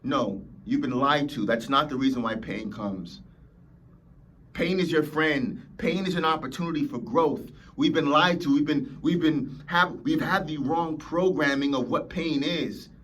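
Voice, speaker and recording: A man's voice: on the high side, a little slow, fairly bright tone. A man hosting a motivational podcast, preaching emphatically and acting out whiny complainers. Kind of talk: motivational talk.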